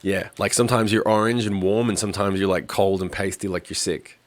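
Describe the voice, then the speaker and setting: A man's voice: sits low, a little fast, no room sound. A man hosting a podcast, chatting casually and telling rambling, profane stories. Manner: rambling, profane, animated storytelling. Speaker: podcast host. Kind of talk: casual chat.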